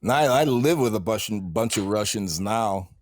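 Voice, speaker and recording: Male podcaster, casual, stammering and repeating words, lowish voice, dry close sound. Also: lively intonation, normal speed, dry recording.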